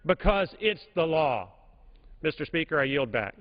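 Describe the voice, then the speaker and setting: A man's voice: a little high, sing-song, moderate pace. A man giving a formal, emphatic floor speech as a congressman in a large legislative chamber, repeating key points for stress at a podium microphone. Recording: reverberant chamber, dull broadcast audio.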